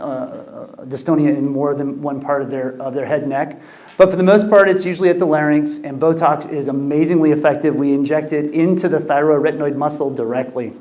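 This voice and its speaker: A middle-aged man lecturing as a doctor, with a slightly higher pitch than most men. He talks loosely and conversationally, full of ums and false starts. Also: darkish tone. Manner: conversational, many fillers and restarts. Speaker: ENT physician lecturer. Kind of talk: medical lecture.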